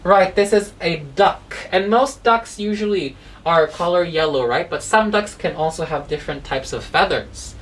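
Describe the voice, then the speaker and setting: A woman's voice: fairly low pitch, normal speed, few pauses, distant mic. A woman teaching a children's phonics lesson, spelling out animal names letter by letter and asking the kids questions.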